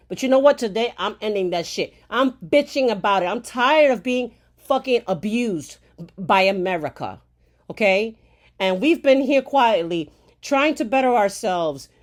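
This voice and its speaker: A woman from Puerto Rico in an angry rant to camera. She is heated and profane, firing rhetorical questions with "okay?" tags and swinging between loud outbursts and low, bitter murmurs. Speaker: commentator.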